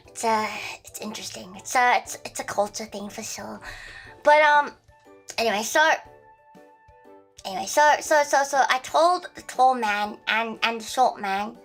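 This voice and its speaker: A woman's voice: a little high, normal speed, faint music behind. A young Australian woman streaming and chatting casually, rambling with lots of fillers, giggles and swearing. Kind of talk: casual livestream chat.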